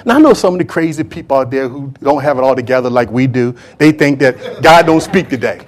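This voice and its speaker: A man's voice: medium pitch, expressive, a little fast. A man preaching a sermon as a pastor, fervent, repeating his phrases and putting questions to the congregation.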